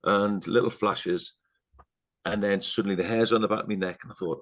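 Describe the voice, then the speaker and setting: Deep-voiced rambling man. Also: fairly even intonation, fairly quick, fairly bright tone. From England. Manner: rambling, full of fillers and asides. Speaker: podcast guest. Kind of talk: casual storytelling chat.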